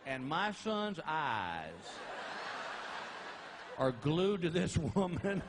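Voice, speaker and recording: A man's voice: a little high, sing-song, drawn-out words, noisy background. A middle-aged man doing stand-up storytelling, chatty and amused, often laughing at his own stories. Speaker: stand-up comedian.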